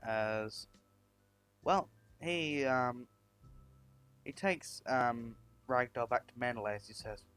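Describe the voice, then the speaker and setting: A man narrating a fan-made story at an ordinary middle pitch. He rambles along with plenty of "um" and "well" and frequent restarts, over soft background music. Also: slow pace, long pauses, clean tone. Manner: rambling, many fillers and restarts.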